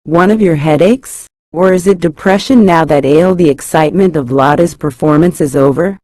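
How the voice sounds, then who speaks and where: A man's voice: a little high, normal speed, a little mellow, dry recording, natural voice. A woman reading the lines of a sarcastic sixty-two-year-old husband from a play script. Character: sardonic 62-year-old husband, needling wife.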